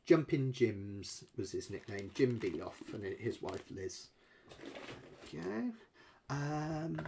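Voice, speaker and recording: A man's voice: medium pitch, sing-song, slow pace, creaky, noisy background. A middle-aged man, rambling and chatty as he hosts a live ukulele lesson Q&A from home. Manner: chatty, rambling, self-deprecating, fillers. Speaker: ukulele teacher.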